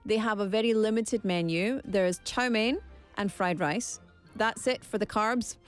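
A woman's voice: mid-range voice, a little slow, smooth, faint music behind. A young woman from Scotland hosting a casual vlog segment, playful and theatrical. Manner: playful, theatrical, shifts into silly voices. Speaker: vlogger.

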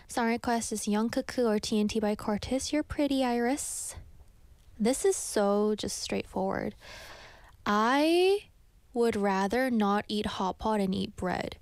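A woman's voice: fairly high pitch, slow pace, darkish tone, dry recording. A woman radio host chatting in a bubbly way and reading listener messages, in a radio studio.

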